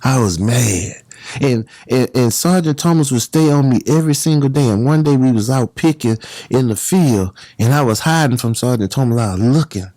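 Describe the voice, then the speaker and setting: Brief: male guest, casual storyteller, animated, slips into other people's voices, dry close mic. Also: mid-range voice, normal speed, no echo. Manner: animated, acts out the other voices in his stories.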